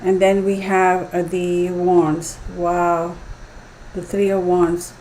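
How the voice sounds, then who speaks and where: A woman's voice: lowish voice, flat delivery, slow pace, darkish tone, slight background noise, poor audio. A woman giving a live tarot reading, thinking aloud with many fillers and restarts. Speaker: tarot reader.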